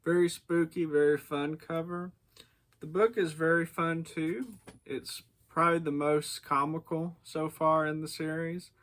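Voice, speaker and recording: A man's voice: a little high, flat delivery, unhurried, a bit bright. A man casually reviewing a book, hesitant with many fillers and chuckles.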